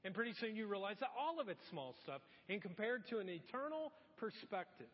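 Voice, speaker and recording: This sermon comes from a middle-aged male pastor whose voice sits high and moves fairly quickly. He is animated in a church auditorium, performing exasperated asides. A long church-hall reverb and dull, lo-fi quality mark the recording.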